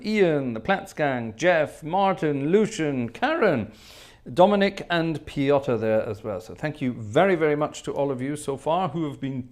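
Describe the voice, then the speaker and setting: Chatty man greeting his stream. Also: medium pitch. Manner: chatty, greets viewers by name, hums to himself while reading the chat. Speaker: host of a live-streamed organ music show. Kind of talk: casual live-stream chat greeting viewers.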